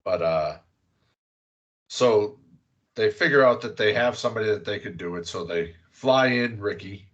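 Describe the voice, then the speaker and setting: A man with a fairly low, fairly bright voice talks at a moderate pace with lively intonation, and the recording's high frequencies are cut off. He hosts a podcast, loosely recapping a movie with fillers and occasional cursing.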